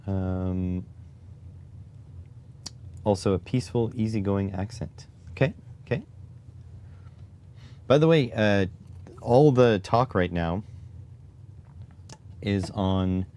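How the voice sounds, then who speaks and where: A man's voice: on the low side, takes it slowly, pauses often, warm tone. A man from Canada chatting casually on a livestream, wry and rambling while he works on a soldering project. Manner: wry, rambling asides while working with his hands. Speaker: livestream host.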